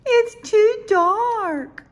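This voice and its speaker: A woman voicing a small restless young male owlet who whines and pleads in a squeaky voice. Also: huge pitch swings, measured pace, dull audio, exaggerated voice. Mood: whining.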